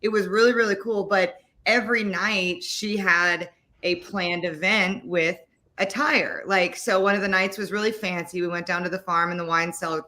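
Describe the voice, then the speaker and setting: A woman, co-hosting a casual chat and telling animated stories with some swearing. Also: mid-range voice. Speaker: co-host.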